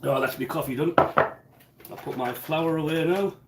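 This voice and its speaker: A man's voice: fairly high pitch, a little slow, heavy background noise. A man chatting casually in his home kitchen during a live cooking stream, rambling and often repeating words as he goes.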